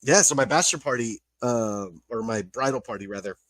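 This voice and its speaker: A man's voice: medium pitch, fairly quick, a bit bright, dry recording. A man co-hosting a casual nerd-news podcast, telling a story with easy laughs and plenty of swearing. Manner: laid-back storyteller, swears and laughs often. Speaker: podcast co-host. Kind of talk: casual chat.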